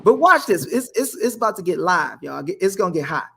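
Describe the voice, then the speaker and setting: A man co-hosting a livestream who talks in an excitable, preacherly way, often calling his viewers y'all. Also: high voice, a little fast, gravelly, slightly rough. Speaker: livestream co-host. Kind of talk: animated live-stream talk with Bible reading.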